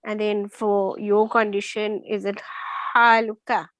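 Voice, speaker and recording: A female student giving answers in class at an ordinary middle pitch. She speaks hesitantly, trying out each answer with some doubt in her voice. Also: little pitch movement, unhurried.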